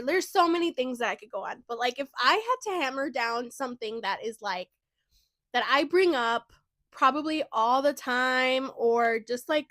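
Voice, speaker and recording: A woman in her twenties hosting a podcast, telling stories in a chatty, animated way with many fillers. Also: high-pitched, no room sound. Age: 20s. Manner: chatty, animated, lots of "like" and "you know". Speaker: podcast host. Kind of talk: casual storytelling chat.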